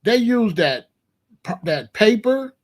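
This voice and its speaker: A man in a casual monologue, talking in a slangy, emphatic way and reacting with animated disbelief. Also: high voice, slow pace. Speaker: vlogger.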